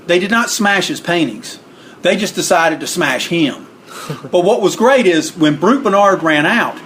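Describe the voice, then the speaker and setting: A man's voice: a bit bright, slight background noise. Rambling man telling old stories. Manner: rambling, acts out quotes with raised pitch. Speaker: interview guest, wrestling book author. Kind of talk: casual storytelling.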